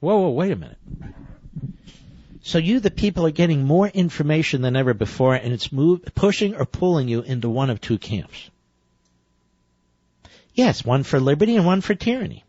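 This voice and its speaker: A man's voice: fairly high pitch, lively intonation, moderate pace, warm tone, no echo. A man hosting a talk radio show, interrupting a played clip with sarcastic, combative commentary. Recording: dull lo-fi radio broadcast.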